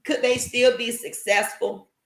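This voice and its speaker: A woman's voice: fairly high pitch, steady tone, unhurried, reverberant. A woman hosting an online interview show, chatty and affirming, reading out viewer comments and asking questions. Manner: affirming, chatty, frequent agreeing. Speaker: show host. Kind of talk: casual interview chat.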